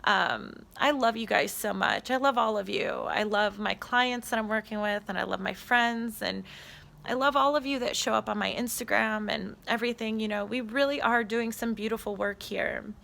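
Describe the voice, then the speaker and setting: Woman, spiritual vlogger; earnest, heartfelt delivery, bright tone with a gravelly edge, phone mic outdoors. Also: on the high side, steady tone, moderate pace. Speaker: spiritual channeler. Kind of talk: casual spiritual vlog. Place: outdoors on a trail.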